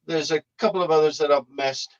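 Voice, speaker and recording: A man's voice: a little high, steady tone, brisk, highs cut off. An easygoing man co-hosting a live stream from a remote call, often saying "mate". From England. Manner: easygoing, says "mate" a lot. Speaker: co-host watching the stream comments. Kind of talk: casual live-stream chat.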